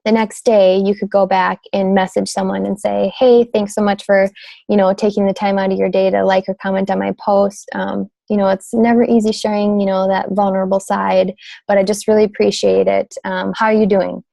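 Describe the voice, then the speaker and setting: A woman's voice: mid-range voice, flat delivery, fairly quick, gravelly, dark tone, no echo. A woman in her thirties giving casual coaching tips on a team call, chatty and full of fillers, often saying "you guys".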